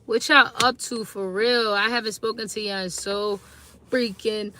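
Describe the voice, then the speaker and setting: A woman's voice: medium pitch, fairly even intonation, measured pace, background noise. A tired woman talking casually to viewers on a phone live stream, chatty and slangy, greeting them again and again. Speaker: livestreaming mom.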